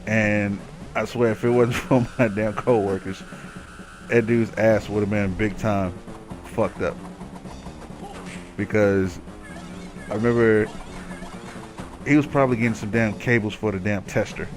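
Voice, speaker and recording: A man's voice: lowish voice, fairly even intonation, measured pace, pauses often, music in the background. A man casually telling a long story over gameplay, cursing freely, rambling and growing heated as he rants. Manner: profane, rambling, gets heated while ranting. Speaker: gaming commentator.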